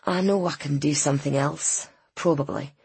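A woman's voice: low-pitched, normal speed, gravelly, a little mellow, breathy edge, dry recording, full character voice. A woman voicing a gloomy, stubborn male farmer in an audiobook, subdued and taciturn.

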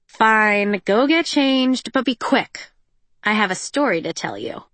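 A woman's voice: medium pitch, animated, slow, a bit bright, no echo. A woman voicing a guarded, practical teenage girl mechanic with a wry, matter-of-fact manner.

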